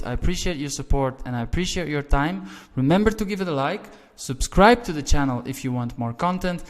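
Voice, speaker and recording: On video, a man teaches a language lesson, walking through the rules step by step and checking in with the viewer. He punches key words with sudden lifts in pitch and volume, and a long, reverberant room echo trails his speech.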